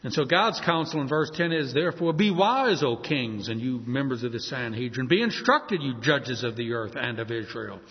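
A man's voice: medium pitch, lively intonation, normal speed, few pauses, husky. A man preaching a sermon, reading scripture aloud and explaining it verse by verse. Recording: echoey hall, dull lo-fi sound.

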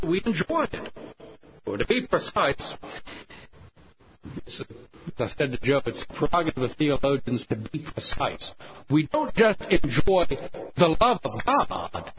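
A man preaching on the radio, with a voice pitched a little higher than most men's. He presses his points with earnest emphasis and then sinks to a tender hush. The sound is dull and lo-fi, with a clear hiss running underneath. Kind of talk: radio sermon.

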